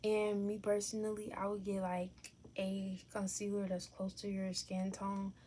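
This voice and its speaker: A young adult woman vlogging a makeup tutorial from home. She talks unhurriedly in a mid-pitched voice, chatty and candid, with fillers and self-corrections. A light hiss sits behind her. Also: completely flat delivery, measured pace, warm tone. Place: at home, filming herself.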